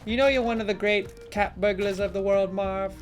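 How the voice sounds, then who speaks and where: A woman quoting a film, putting on a gruff, loud, mocking grown burglar. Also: mid-range voice, steady tone, normal speed, soft background music, lightly acted. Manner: loud, shouty movie-quote delivery.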